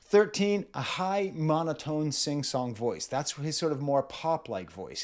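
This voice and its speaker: Male music reviewer, 40s, lively and slightly high, playful, imitates voices. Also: unhurried, few pauses. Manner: playful, demonstrates vocal styles, laughs often. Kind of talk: casual music analysis.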